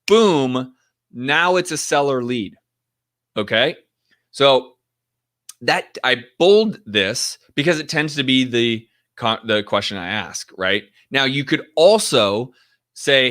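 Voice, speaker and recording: A man's voice: medium pitch, expressive, slow, a bit bright. A man teaching in a casual, direct way, often acting out sample phone calls to show what to say. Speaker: real estate investing coach.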